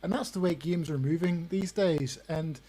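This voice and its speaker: An earnest man talks through his views as a guest on a gaming podcast, his voice sitting a little high for a man. He leans on "you know" as he makes his points. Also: moderate pace, warm tone, slightly rough, poor audio. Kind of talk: casual gaming chat.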